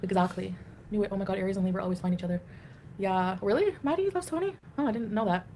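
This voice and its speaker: A woman's voice: mid-range voice, quick pace, warm tone, slight background noise. Woman livestreamer with a baby voice. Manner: rambling, talks in a baby voice. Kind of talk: casual livestream chat.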